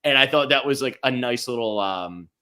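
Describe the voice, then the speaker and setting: A man with a bright, forceful voice talks through a reality show episode with a co-host. His talk is loose and rambling, full of amused asides and quick laughs. It sounds like casual podcast chat. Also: mid-range voice, animated, clean tone.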